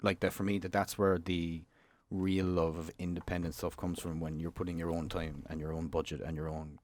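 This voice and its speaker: A man's voice: deep voice, flat delivery. A young man hosting a casual podcast chat, joking and teasing his guests. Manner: teasing, quick banter. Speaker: podcast host.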